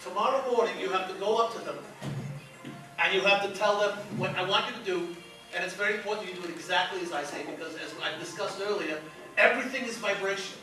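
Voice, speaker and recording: Male comic as a grandiose mock-mystical psychic, high-pitched, echoey, from afar. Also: fast, bright, forceful tone, soft background music. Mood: pompous. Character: pompous self-assured male psychic doctor. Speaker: comedian playing a fake psychic. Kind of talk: live stage comedy bit with volunteer. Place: stage before a live audience. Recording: echoey noisy room, mic far off.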